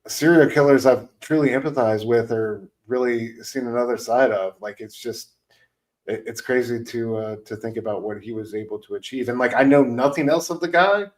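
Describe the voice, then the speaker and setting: A man's voice: medium pitch, moderate pace, low-quality recording. A man co-hosting a casual film podcast, rambling enthusiastically with many fillers. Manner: rambling, heavy on fillers like "like" and "you know". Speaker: podcast co-host.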